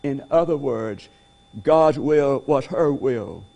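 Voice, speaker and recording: A man preaching a Christmas sermon, earnestly slowing down to stress key phrases. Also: medium pitch, vocal fry, mellow.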